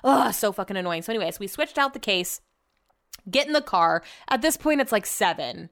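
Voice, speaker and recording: A woman's voice: a little high, a little fast. A woman hosting a podcast, telling a story in a chatty, casual way and swearing freely. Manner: chatty, profane, animated retelling. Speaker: podcast host.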